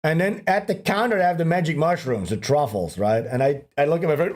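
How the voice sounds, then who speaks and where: A man's voice: fairly high pitch, very animated, normal speed, hardly any pauses, darkish tone. A man hosting a livestream, telling a long story in a rambling, profane way, laughing often and acting out what people said. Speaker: livestream host. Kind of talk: casual storytelling chat.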